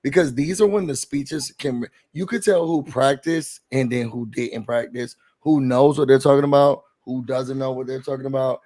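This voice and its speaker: A man's voice: mid-range voice, normal speed, hardly any pauses. A man hosting a casual podcast chat, talking animatedly and acting out what others said. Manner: animated, acts out quotes of others. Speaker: podcast host.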